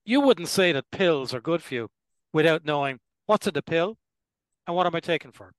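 An older man, a gastroenterologist, giving measured, explanatory interview answers and clearing his throat now and then. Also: fairly high pitch, animated, fairly bright tone, no room sound, poor audio. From Ireland. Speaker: gastroenterologist guest.

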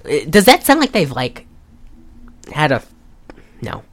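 Woman host with a very low voice; loose, profane, filler-heavy recap chat. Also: wildly swooping pitch, unhurried. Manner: rambling, profane, lots of fillers. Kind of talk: casual movie recap chat.

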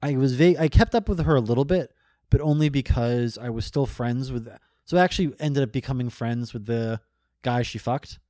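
A man's voice: medium pitch, normal speed, warm tone, dry recording, clean studio sound. A man telling a personal story in casual chat as a guest, rambling, restarting sentences and laughing often.

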